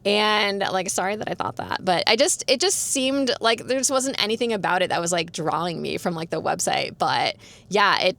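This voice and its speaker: A woman's voice: mid-range voice, normal speed, creaky, fairly bright tone. A young woman hosting a podcast, chatting casually on her own and filling her talk with "like". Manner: chatty, peppered with "like". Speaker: podcast host. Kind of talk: casual solo chat.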